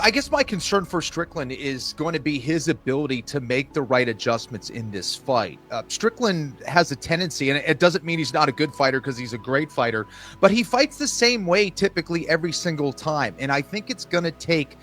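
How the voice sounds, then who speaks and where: A man giving a measured fight analysis, pausing on filler words. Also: a little high, big pitch swings, fairly bright tone, faint music behind.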